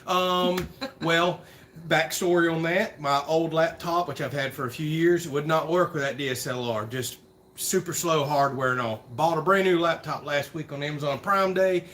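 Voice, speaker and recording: A man hosting a casual livestream Q&A, chatty and rambling and quick to laugh, recorded on a phone camera. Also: on the high side, a bit bright, slight background noise. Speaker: livestream host.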